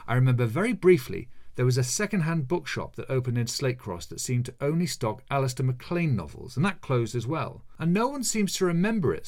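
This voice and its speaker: A middle-aged man reading a memoir-style story aloud in a dry, wry narrating manner. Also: medium pitch. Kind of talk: scripted audiobook narration.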